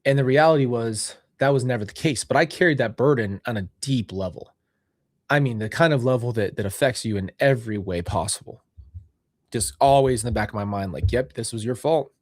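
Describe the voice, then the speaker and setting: A young man sits indoors and talks about faith in a heartfelt, meandering way, restarting his sentences as he works through his thoughts. His voice sits in an ordinary middle pitch. The sound is dry and close, with no room echo. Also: a little fast. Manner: earnest, rambling, self-correcting. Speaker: podcast host. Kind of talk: reflective faith talk. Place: seated indoors.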